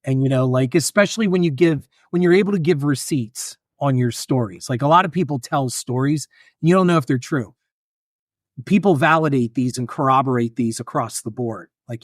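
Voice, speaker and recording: Male guest, animated storyteller, acts out voices, dry close mic. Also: medium pitch, brisk, dry recording. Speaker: guest filmmaker and author. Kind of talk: casual storytelling.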